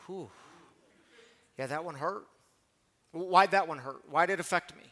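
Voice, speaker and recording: A man in his forties preaches in a relaxed, conversational way, telling personal stories and turning to the congregation with questions. His voice sits fairly high for a man, and his delivery stays lively and animated. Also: normal speed. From Missouri. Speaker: pastor. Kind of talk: storytelling sermon.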